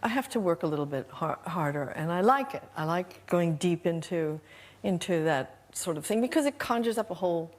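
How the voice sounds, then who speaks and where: An older woman chatting as a guest on a television talk show, soft-spoken and self-deprecating. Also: lowish voice, expressive, a little fast. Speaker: guest actress. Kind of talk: casual chat show anecdote. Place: television studio.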